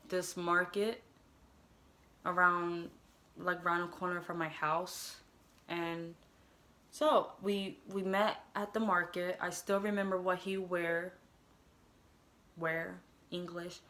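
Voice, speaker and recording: A young woman delivers a comedic storytime with a flat, unmoving tone and a slow, drawn-out pace. Her voice sits on the low side but sounds bright and sharp. She keeps it deadpan and mock-serious, pausing often. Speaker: storytime vlogger.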